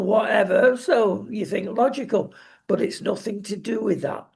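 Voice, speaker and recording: A man with a very gravelly, husky voice gives opinionated commentary. He talks slowly and deliberately, with a sardonic, emphatic delivery. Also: high-pitched, darkish tone. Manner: slow, emphatic, sardonic, with frequent ums. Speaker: political commentary show co-host.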